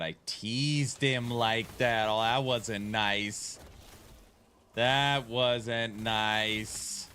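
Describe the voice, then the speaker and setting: A man's voice: mid-range voice, steady tone, drawn-out words, bright, forceful tone, a little hiss or hum. A man chatting casually on a live stream, playful and teasing as he talks back to his viewers.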